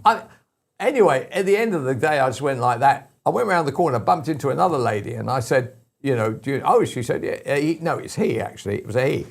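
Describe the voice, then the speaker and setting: An older man hosting a talk radio show, telling rambling stories with lots of restarts and animated asides. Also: mid-range voice, quick pace, vocal fry. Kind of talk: casual talk radio chat.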